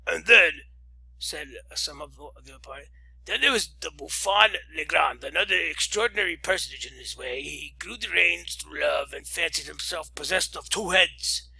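A man's voice: fairly high pitch, normal speed, gravelly, pushed and bright, slightly rough, dry recording, poor audio. A man reading a classic story aloud with theatrical delivery and occasional stumbles. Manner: theatrical, occasional slips and restarts. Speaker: audiobook reader.

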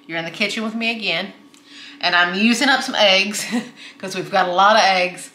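A woman's voice: medium pitch, moderate pace, sharp tone, reverberant. A woman hosting a home cooking tutorial from her kitchen, talking in a friendly, chatty way while she mixes ingredients. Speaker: cooking channel host.

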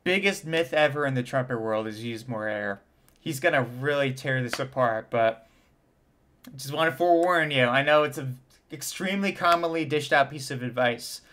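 A man's voice: mid-range voice, normal speed, a bit bright. Man breaking down trumpet technique. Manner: demonstrates vowels and tonguing sounds aloud. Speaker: trumpet teacher reacting to an interview. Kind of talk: casual explanatory commentary. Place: home studio in front of a camera.

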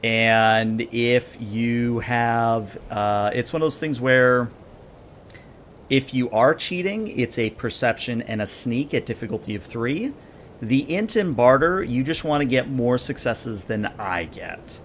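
Relaxed male game master, filler-heavy delivery, faint low rumble. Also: takes it slowly. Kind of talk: narrating a tabletop game.

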